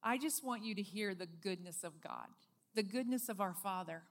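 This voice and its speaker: A woman being interviewed, telling a personal faith story in a lively, earnest way. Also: medium pitch, moderate pace, slight background noise. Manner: lively storyteller, acts out quoted speech; earnest, heartfelt. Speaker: guest.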